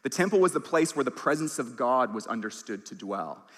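A male pastor delivers an earnest, emphatic sermon and gives quoted lines their own voice. His voice sits at a middle pitch. The sound carries a long reverb from a large church hall. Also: lively intonation, fairly quick, fairly bright tone.

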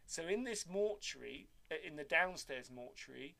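A man's voice: fairly high pitch, moderate pace, creaky. An older man telling rambling anecdotes in casual chat, cursing freely. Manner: lively rambling storyteller, swears freely.

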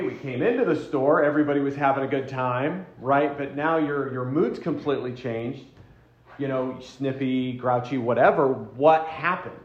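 A man teaching a church marriage class in a casual, conversational way. He restarts his words often and puts questions to the group. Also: medium pitch. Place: room with a group. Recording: roomy, dull lo-fi sound.

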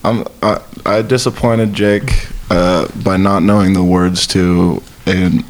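A young man from Utah, a podcast guest who trades dry, deadpan one-liners in casual chat. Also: low-pitched, slow.

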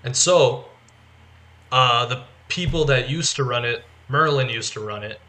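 A male podcast co-host rambling through a casual chat with a bright, forceful tone. He keeps reaching for "like" as he eagerly explains. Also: medium pitch, a little slow. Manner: rambling, heavy use of filler "like", eager explaining.

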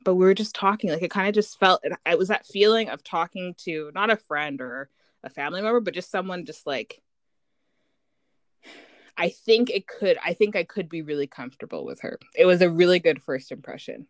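Low-voiced woman telling a lively story. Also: a little fast, dry recording. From Canada. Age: 30s. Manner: animated storytelling, acts out quoted voices, laughs often. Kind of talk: casual chat.

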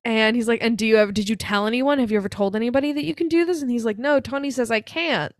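A woman co-hosting a casual podcast, recapping a film in lively chat and acting out lines with laughs and swearing. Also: a little high, quick pace, dry recording, clean studio sound. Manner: animated, swears, acts out quotes with laughs. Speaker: podcast co-host.

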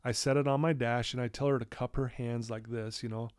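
A man's voice: mid-range voice, fairly even intonation, a little fast, darkish tone, clean tone, no echo, studio quality. A man, a recovery counselor, telling a personal story candidly and with feeling, in his office. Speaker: addiction recovery counselor, guest.

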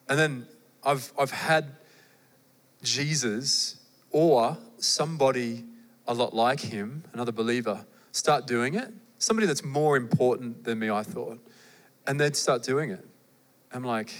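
Australian preacher in a reverberant hall. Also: male voice, medium pitch, measured pace, long pauses. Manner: conversational and animated, with asides to the audience. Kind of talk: sermon.

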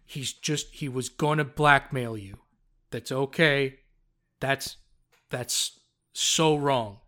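A man's voice: mid-range voice, takes it slowly, sharp tone. A man voicing a composed male adventurer who speaks in a soothing, reassuring way. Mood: comforting.

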